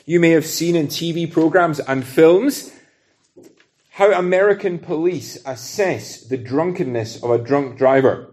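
A man's voice: a little high, a little slow, darkish tone. A man from Britain preaching a sermon in an earnest, conversational way, using everyday illustrations.

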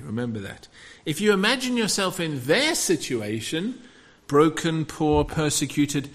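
A man preaching a sermon, asking the congregation rhetorical questions in an animated way. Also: medium pitch.

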